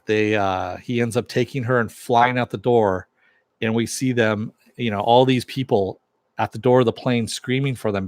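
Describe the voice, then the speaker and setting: A man's voice: lowish voice, no room sound. A man recapping a TV episode in a casual, rambling monologue, retelling scenes in quoted dialogue with plenty of swearing. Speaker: TV episode reviewer.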